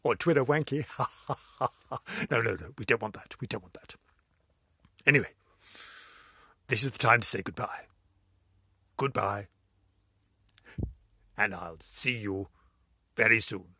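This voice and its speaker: A man's voice: lowish voice, unhurried, pauses often, pushed and bright, husky, dry recording, clean studio sound. A man hosting his own video series, rambling through a comic sign-off, giggling and repeating himself.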